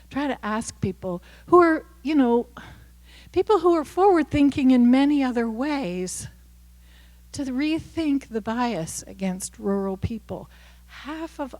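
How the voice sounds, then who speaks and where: A woman in her sixties with a softened Kentucky Appalachian accent talks candidly to a university audience. Her voice sits in a mid range, and she keeps the talk loose with asides, fillers and restarts. A long reverb trails her words around the hall. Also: medium pitch. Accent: Appalachian Kentucky, softened toward neutral. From Kentucky, USA. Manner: candid, chatty, self-deprecating, with many fillers and restarts. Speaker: author giving a talk. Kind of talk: casual talk with audience questions.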